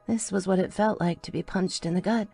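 A woman's voice: medium pitch, fairly even intonation, a little fast, creaky, mellow, slightly rough, soft background music. A woman reading a first-person audiobook in an intimate storytelling manner. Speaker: audiobook narrator.

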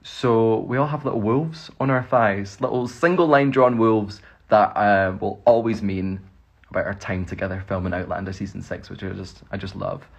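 A man's voice: fairly low pitch, moderate pace, vocal fry, husky. A Scottish man, an actor, rambling cheerfully through fan questions in a casual phone livestream. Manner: chatty, rambling, laughs often.

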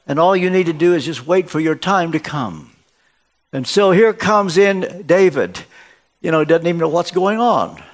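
Older preacher telling a story, fairly high voice. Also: male voice, lively intonation, normal speed. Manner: storytelling, acts out dialogue with shifts of pitch. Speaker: guest preacher. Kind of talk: sermon. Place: church.

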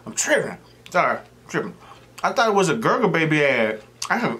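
A man's voice: on the high side, sing-song, a little fast, fairly bright tone. Rambling middle-aged man eating on camera. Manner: rambling, joking storyteller. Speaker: mukbang host. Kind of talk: casual chat while eating.

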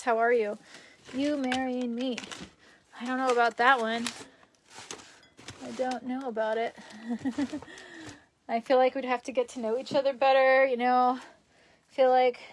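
A woman's voice: a little high, slight background noise. A young woman chatting casually on a live stream from a room in her parents' house, rambling and reading viewer comments aloud.

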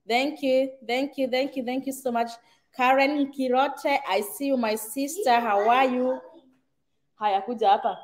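A woman's voice: sits high, fairly even intonation, unhurried. A middle-aged woman with a Kenyan accent, hosting a casual livestream and reading viewer comments aloud. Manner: chatty, reads viewer comments aloud, mixes in Swahili. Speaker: livestream host.

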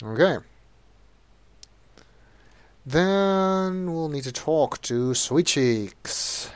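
A man's voice: a little high, lively intonation, extremely slow, clear, resonant tone, no echo. A man commentating a game playthrough and reading its text, with dry, wry asides. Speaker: let's play narrator.

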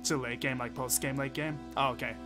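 A man's voice: medium pitch, steady tone, a little fast, music in the background. A man, chatting and swearing casually as he thinks aloud while playing a game on stream. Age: 20s. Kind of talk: casual gameplay commentary.

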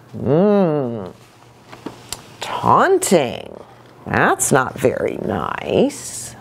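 Woman pastor, storybook reading, very lively melody, slow and unhurried. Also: mid-range voice, a little hiss or hum. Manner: gently chatty asides to children.

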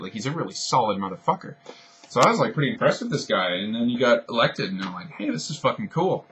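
Profane ranting young man, bright voice. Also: mid-range voice, husky. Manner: profane, rambling, sarcastic. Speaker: video blogger. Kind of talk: ranting monologue to camera.

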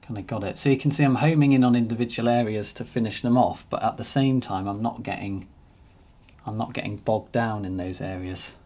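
Guy talking thru a painting demo, lowish husky voice, chill and thinking out loud. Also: brisk. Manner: relaxed, thinking aloud while painting. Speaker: painting teacher. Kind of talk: painting demonstration narration.

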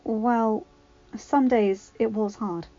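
Teen girl lead, bubbly, high and gushing, read by a woman, slightly dull lo-fi sound. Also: fairly even intonation, very slow, mellow. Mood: wistful. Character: excitable teenage girl, bubbly and wide-eyed.

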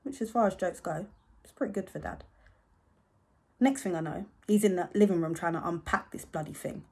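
A sardonic young narrator, played by a woman, tells a family tale in dry, grumbling asides. The voice sits a little low and has a husky grain. It is a solo stage monologue. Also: a little fast, dark tone. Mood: wry. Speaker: stage actor.

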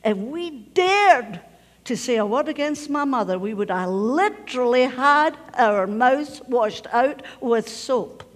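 Preaching slowly in a high, animated voice, a Scottish woman pastor drives home her sermon with repeated key phrases and occasional near whispers. The church sanctuary gives her a long reverberation.

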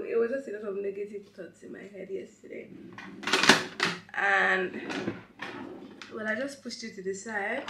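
A young woman talks to her camera while doing her makeup, her voice hoarse from a cold. She rambles and fills gaps with "like", and the room around her rings a little. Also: medium pitch, heavy background noise. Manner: chatty and rambling, many fillers. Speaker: vlogger. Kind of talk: casual get-ready-with-me vlog. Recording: roomy echo.

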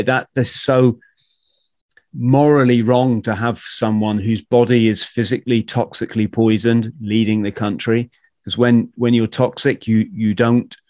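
A man hosting a podcast, talking in an animated, ranting way and swearing casually. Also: fairly low pitch, no echo, clean studio sound. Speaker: podcast host.

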